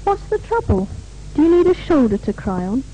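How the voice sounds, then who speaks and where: A woman's voice: sits high, sing-song, moderate pace, warm tone, slight background noise, low-quality recording. A woman playing a sympathetic friend in a scripted language-course dialogue, asking questions in a bouncy, sing-song way. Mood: concerned.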